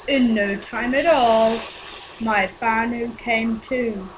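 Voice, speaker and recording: A woman's voice: a little high, steady tone, slow, lo-fi sound, noisy background. Woman narrating as a boastful tree-chopping builder. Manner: boastful, sing-song rhyming. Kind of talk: rhyming storybook narration.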